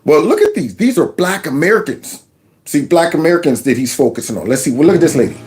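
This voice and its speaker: Guy hosting commentary, kinda high voice, heavy on the sarcasm. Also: sing-song, quick pace, darkish tone, soft background music. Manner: sarcastic, mocking asides. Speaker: commentary channel host. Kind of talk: casual political commentary.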